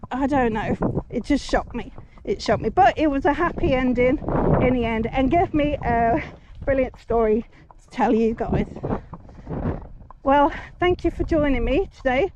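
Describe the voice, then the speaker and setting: Passing traffic fills this muffled outdoor clip of a horse-riding vlogger in her forties. Speaking in a high voice, she tells stories casually as she rides on a busy road, calming her horse and thanking the drivers who pass.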